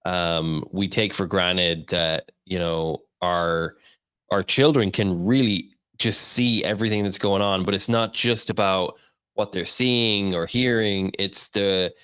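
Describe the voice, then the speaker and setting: A man's voice: sits low, fairly even intonation, slow, a bit bright, clean tone, no room sound, studio quality. A man hosting a casual interview, rambling with many fillers and short laughs as he talks. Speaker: interview host.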